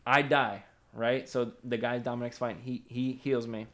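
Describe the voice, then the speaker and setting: A man's voice: mid-range voice, moderate pace. A man in casual podcast chat, telling gaming stories with lots of laughing and swearing. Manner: laughs often, swears, animated storytelling.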